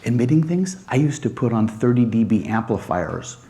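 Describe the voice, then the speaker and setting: A man giving a conference presentation as a Wi-Fi design instructor, animated and acting out exchanges with customers. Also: mid-range voice, normal speed. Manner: animated, acts out dialogues with customers.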